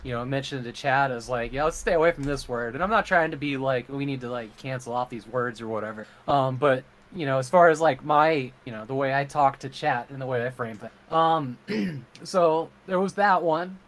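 A man's voice: mid-range voice, normal speed, fairly bright tone. A man talking in casual chat, earnest and rambling, with many fillers. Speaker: streamer and podcast co-host.

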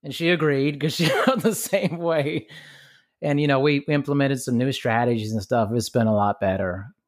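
A man hosting a podcast, chatting in a relaxed, amused way. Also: medium pitch, moderate pace. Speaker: podcast host. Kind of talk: casual interview chat.

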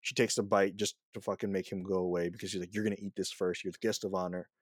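A man's voice: low-pitched, flat delivery, quick pace, slightly rough, no echo, studio quality. A man co-hosting a casual podcast, retelling movie scenes in a rambling, swearing way. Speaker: podcast co-host.

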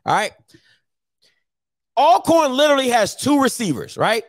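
High-voiced man arguing football heatedly. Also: very animated, normal speed, no echo. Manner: argumentative, insistent, repeats points. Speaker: sports talk show panelist. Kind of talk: heated sports debate.

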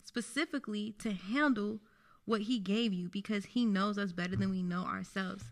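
A young woman talks through her faith in a relaxed, unscripted way. Her voice sits at a middle pitch, and she speaks earnestly and reflectively, leaning on "like" as she thinks aloud. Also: normal speed. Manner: earnest, reflective, lots of "like" fillers. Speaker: podcast co-host. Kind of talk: casual faith podcast chat.

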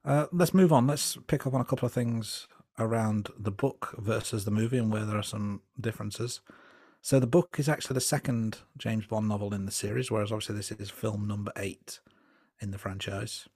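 Low-voiced man, dry close sound. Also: fairly quick, slightly rough, no room sound. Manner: relaxed, hesitant with fillers and restarts. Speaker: podcast co-host. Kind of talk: casual film review chat.

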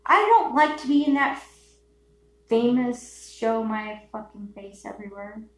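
A woman hosting a solo podcast, ranting in a rambling, profane way, dropping to mutters and then bursting into shouts. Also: on the high side, lively intonation, unhurried. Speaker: podcast host. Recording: echoey room with faint hum.

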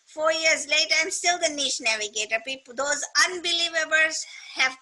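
A middle-aged woman talking in a casual, motivational way, emphatic and animated, acting out her own quoted thoughts. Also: high-pitched, normal speed, rough recording.

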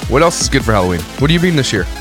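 A man's voice: medium pitch, big pitch swings, racing, over loud music. A man co-hosting a podcast, chatting in a joking, rambling way. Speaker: podcast co-host. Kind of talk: casual chat.

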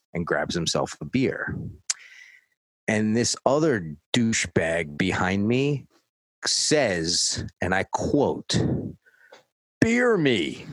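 Low-voiced man telling a profane story. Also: no room sound, rough recording. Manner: profane, dry, acts out quoted voices. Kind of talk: casual anecdote.

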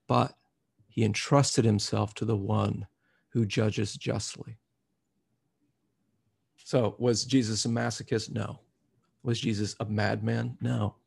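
A man's voice: on the low side, flat delivery, slow, vocal fry, pauses often, a little mellow, breathy edge. A man preaching a sermon, reflective at first and growing emphatic as he reads scripture aloud.

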